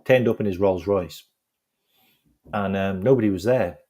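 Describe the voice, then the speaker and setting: A man's voice: sits low, moderate pace, mellow. A man hosting a football fan channel, chatting casually in a rambling way, with lots of "like" and laughter as he tells stories. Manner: rambling, heavy use of "like", laughs while telling stories. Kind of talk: casual live-stream chat.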